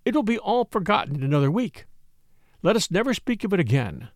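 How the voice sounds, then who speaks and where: A man voicing an unctuous, self-righteous gentleman in a storybook reading. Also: high voice, sing-song, fairly quick, no room sound, studio quality, voice pushed up. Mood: soothing. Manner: unctuous, earnest. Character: smooth pious gentleman, self-righteous charmer.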